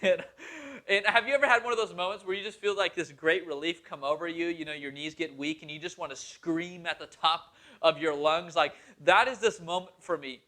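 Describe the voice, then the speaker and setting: A man's voice: a little high, steady tone, normal speed, sharp tone. A young man in his twenties, a pastor telling a personal story in a sermon with an earnest, conversational manner. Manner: earnest, conversational, with a laugh now and then.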